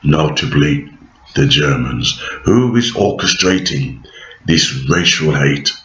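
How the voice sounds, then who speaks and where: A man giving an impassioned monologue to camera, emphatic, rising to shouts and then dropping low and pleading. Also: expressive, takes it slowly. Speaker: video commentator. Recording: echoey room, dull lo-fi sound.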